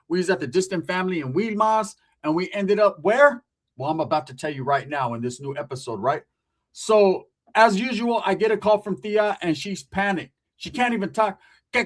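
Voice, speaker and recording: Profane, high-voiced storyteller. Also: male voice. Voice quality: profane, slangy, animated. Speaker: comedic storyteller, channel host. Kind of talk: casual comedic storytelling.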